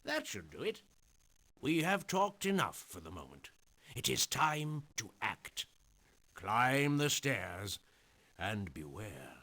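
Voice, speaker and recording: This is a grave male mage from an adventure game, speaking slowly and deliberately. His voice is gravelly yet bright, and his pitch rises and falls widely. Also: huge pitch swings, heavily acted. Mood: solemn. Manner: slow, grave, instructive. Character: solemn male mage guiding a young knight. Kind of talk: 1990s adventure game voice acting.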